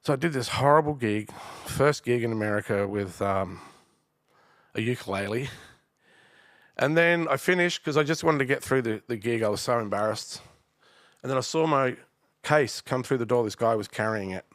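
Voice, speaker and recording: A man's voice: mid-range voice, moderate pace, fairly bright tone, dry recording, studio quality. An Australian man, a guest artist, telling rambling stories in a casual podcast interview. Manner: rambling anecdotes with restarts and quoted dialogue.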